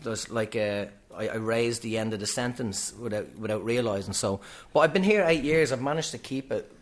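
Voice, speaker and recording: A middle-aged man with a Dublin Irish accent, chatting as a comedian guest on a podcast in a quick, clipped, animated storytelling way. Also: on the low side. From Ireland. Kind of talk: casual podcast chat.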